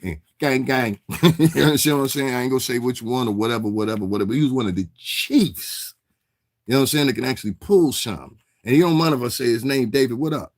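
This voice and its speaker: A fast-talking man from the New York City area with a mid-range voice hosts a casual stream, recorded dry and studio-clean. He rambles through street-slang commentary, answers viewers in chat, and keeps asking "you understand what I'm saying."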